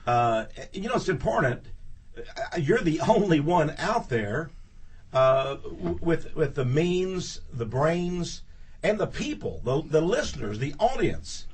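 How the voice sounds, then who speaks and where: A man's voice: a little high, lively intonation, a little slow, husky. A man speaking as a guest on a studio talk radio show, emphatic and indignant, repeating words for stress.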